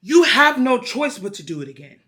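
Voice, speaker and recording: A woman vlogger telling a story in an animated, profane, emphatic rant. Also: a little high, moderate pace. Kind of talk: casual ranting vlog.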